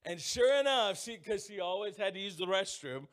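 A man with a notably high voice delivers a lively sermon. He tells homespun stories and draws on his congregation with call-and-response. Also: normal speed. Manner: folksy storytelling. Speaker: pastor.

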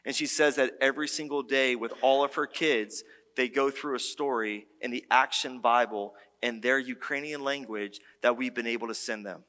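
A man's voice: mid-range voice, moderate pace. A man preaching a sermon as pastor, talking conversationally and telling stories with lots of restarts. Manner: conversational, animated storytelling with many restarts. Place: church sanctuary. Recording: long church-hall reverb.

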